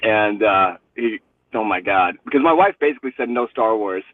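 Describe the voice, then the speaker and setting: A man calling in to a livestream and telling a lively story with frequent laughter. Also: fairly low pitch, moderate pace, distant mic. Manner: animated storytelling, laughing often. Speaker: guest caller. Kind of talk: casual chat. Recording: tinny phone-like line.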